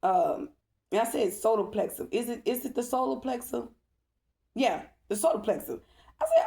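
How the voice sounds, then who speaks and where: Gravelly-voiced woman doing emphatic tarot readings. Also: fairly high pitch, lively intonation, moderate pace, dark tone. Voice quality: emphatic, repeats "okay?" often. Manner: blunt, swears freely. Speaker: tarot reader. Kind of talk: spiritual tarot reading vlog.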